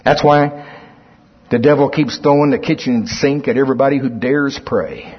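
A man's voice: medium pitch, normal speed, slightly rough. A man preaching a sermon, reading scripture aloud and explaining it, with emphatic swells in volume. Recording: muffled lo-fi recording in a reverberant hall.

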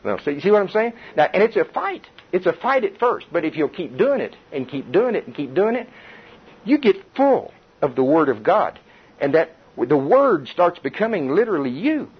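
A middle-aged man preaching to a Bible study group in a lively, conversational way, with chuckles and repetition. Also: on the high side, normal speed, breathy edge. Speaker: pastor. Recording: dull muffled recording.

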